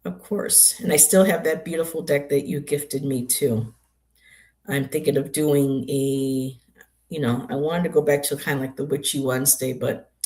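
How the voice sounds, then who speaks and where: A woman's voice: sits low, darkish tone. An older woman hosting a tarot livestream, chatting casually and greeting viewers by name.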